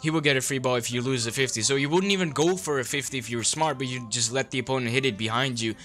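A man's voice: mid-range voice, fast talker, fairly bright tone. Blunt, profane man coaching over a replay. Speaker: game coach reviewing a replay.

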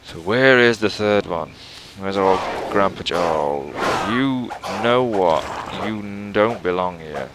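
A man's voice: deep voice, lively intonation, takes it slowly, few pauses, heavy background noise. A man giving sarcastic, profane commentary while playing a horror video game. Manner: profane, sarcastic, joking asides. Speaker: let's play host. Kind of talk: gameplay commentary.

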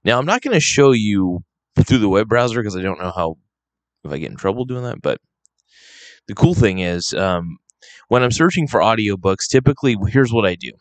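A man talking casually to his viewers into a close microphone, rambling with fillers and restarts, a little hoarse and coughing now and then. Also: fairly low pitch, animated, moderate pace, no echo. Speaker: vlogger. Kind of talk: casual unscripted talk to camera. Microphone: close handheld microphone.

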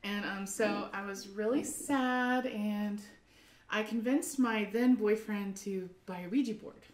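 A young adult woman, an artist guest, telling a story in an excitable, rambling way with frequent laughter and fillers. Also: medium pitch, a little slow. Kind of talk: animated storytelling. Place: art studio. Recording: roomy, distant mic, faint ambience.

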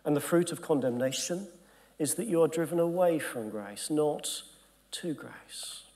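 A man's voice: a little high, expressive, measured pace, dark tone. A man, a bishop giving an earnest Bible teaching to gathered clergy, sometimes dropping to a near-whisper. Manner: earnest and emphatic, drops to a near-whisper at times, acts out quoted voices. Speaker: bishop leading a Bible study. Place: conference hall.

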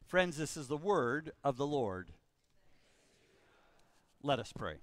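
A man preaching a sermon as pastor, reading scripture and praying in a slow, emphatic way with dramatic pauses. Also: medium pitch, very animated, no echo. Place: church sanctuary.

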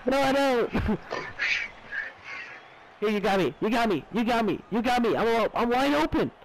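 A teenage guy yelling boastful trash talk while he plays a soccer game with friends. His voice sits very high and his words come out slow and drawn. A steady noise hangs under the recording. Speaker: gamer. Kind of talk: casual gaming banter.

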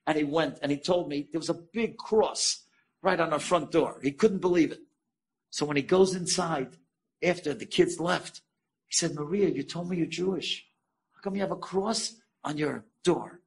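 A male rabbi tells an inspirational story with a fairly high voice that has a raspy, gravelly grain. He acts out the characters' lines with sudden leaps in pitch, then turns to his listeners with direct questions. The voice stays husky and a little breathy throughout. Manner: animated, acts out quoted dialogue with sudden high pitch jumps; asks the audience direct questions.

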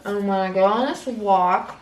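A woman's voice: mid-range voice, measured pace, reverberant, distant mic. A young woman talking casually to the camera in a vlog, rambling and swearing as she chats about her day. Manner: rambling, swears casually, fillers and self-talk. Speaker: vlogger.

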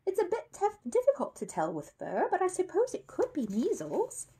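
A woman voicing a gentle, concerned mother who speaks softly and carefully. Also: very high voice, wildly swooping pitch, moderate pace, pitched above the performer's own voice, exaggerated voice.

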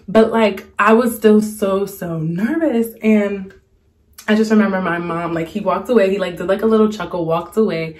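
A young woman chatting casually to the camera, telling a story and acting out the quotes in a higher voice. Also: moderate pace, darkish tone. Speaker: storytime vlogger.

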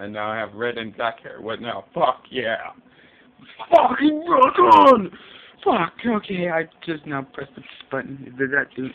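A man swearing constantly as he rambles in a casual vlog from his bedroom. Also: mid-range voice. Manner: profane, rambling, jumpy. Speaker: vlogger. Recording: tinny lo-fi audio with faint hiss.

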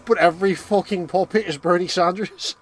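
A man with a high, steady voice speaks fairly quickly as he streams a game alongside a co-host. The banter is casual and profane, full of crude jokes, heavy swearing and snatches of song.

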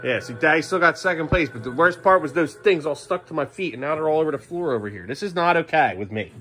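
A dad with a high-pitched voice talks to his kids around the house in a casual vlog. He scolds them firmly and repeats himself. Faint music plays behind him. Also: expressive, fast talker, a bit bright. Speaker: father. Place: family home, indoors.

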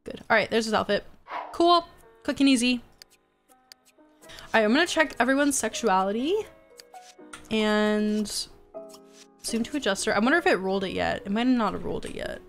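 A woman's voice: on the high side, lively intonation, moderate pace, pauses often, soft background music. A young woman streaming a life-sim game, chatting casually and sounding exasperated as she pleads with her characters.

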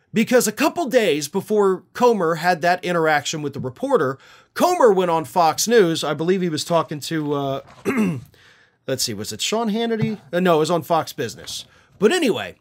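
A male political commentator speaking in a fairly high voice that leaps up and down with emphasis. His delivery is indignant and sarcastic, full of scorn. It comes across as a solo commentary monologue.

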